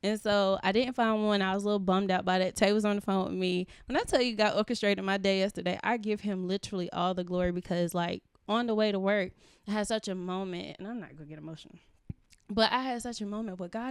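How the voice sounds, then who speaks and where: A woman's voice: mid-range voice, fast talker, clean tone, no room sound, studio quality. A woman co-hosting a podcast, talking candidly and earnestly about her personal life, full of filler phrases. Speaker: podcast co-host.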